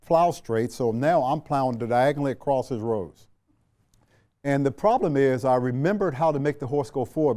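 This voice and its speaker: A man from Washington, D.C. recounts his past in a relaxed, mellow voice, sitting as a guest in an interview. He speaks at a middling pitch, unhurried, with frequent fillers and restarts. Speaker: interview guest, retired general. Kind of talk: reflective storytelling.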